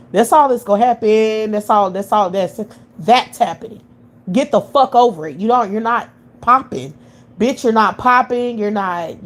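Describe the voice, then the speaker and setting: A woman from the United States hosts a livestream, delivering a blunt, heated, profane monologue that keeps circling back on itself. Her voice is mid-range, with slight background noise.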